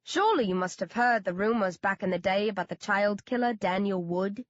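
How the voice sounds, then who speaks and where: A woman's voice: mid-range voice, animated, a little fast, no echo, muffled recording, lightly acted. A woman doing a bored cruel rich man. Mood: cold. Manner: languid, sneering.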